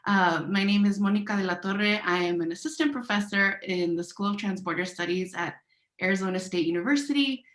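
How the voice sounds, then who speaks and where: A woman's voice: mid-range voice, a little fast, a bit bright. Emotional woman on a roomy video call. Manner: emotional, grateful. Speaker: assistant professor. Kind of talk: webinar introduction.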